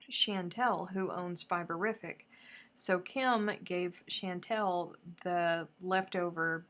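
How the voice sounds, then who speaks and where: A woman chatting to her viewers on a casual craft livestream. Her voice sits a bit low and carries a gravelly fry. She talks effusively and now and then slips into near-whispered asides. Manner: effusive and chatty, drifting into soft murmurs. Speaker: crochet livestream host. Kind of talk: casual live-stream chat.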